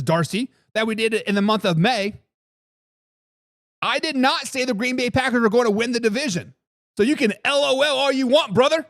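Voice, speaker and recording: Male sports host, high-pitched, brash, trash-talking, dry close sound. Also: fairly bright tone, no room sound. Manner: brash trash-talking, answers live chat. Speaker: sports talk show host. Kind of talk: live sports talk show.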